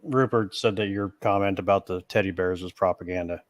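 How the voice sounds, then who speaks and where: A man's voice: sits low, fairly even intonation, a little fast, dry recording. Hesitant man reading out viewer comments. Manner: hesitant, stumbling over words. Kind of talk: live stream Q&A.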